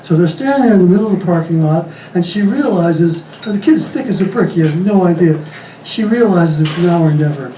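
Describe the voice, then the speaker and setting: Man telling one-liners from a distant club stage. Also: sits high. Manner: deadpan, rapid-fire one-liners, chuckles at his own jokes. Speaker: stand-up comic. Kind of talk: stand-up joke telling. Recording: echoey club, distant mic, faint room noise.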